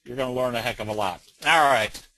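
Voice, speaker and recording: A middle-aged man presenting a trading webinar, plain-spoken and folksy, with frequent filler pauses. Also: medium pitch, pushed and bright, no echo, rough recording. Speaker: trading educator.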